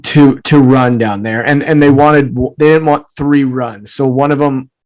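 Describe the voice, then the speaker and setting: A man's voice: mid-range voice, steady tone, unhurried, a little mellow, rough recording. A man in a casual sports chat, analytically breaking down a football play.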